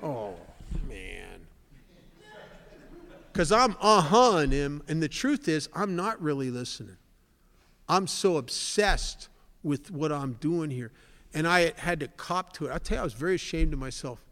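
A man in his sixties giving a candid personal testimony at a recovery meeting, telling stories and swelling loud to stress a point. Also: a little high, very animated, unhurried. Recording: long hall reverb.

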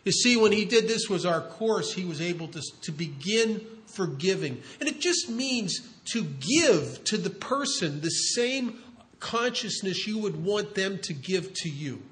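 A middle-aged man earnestly telling a story about guiding someone through recovery, halting and restarting as he talks. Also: high-pitched, animated, a bit bright. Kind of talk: storytelling talk.

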